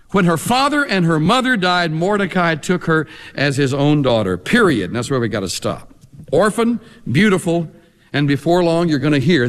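Animated preaching man in a hall. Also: on the high side, moderate pace. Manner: animated, conversational preaching with asides. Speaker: pastor. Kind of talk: expository sermon.

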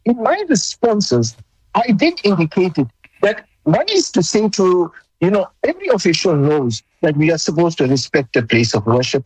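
A government official giving a formal interview answer, talking deliberately and emphatically with frequent restarts. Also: medium pitch, a little mellow, breathy edge, dry recording, rough recording.

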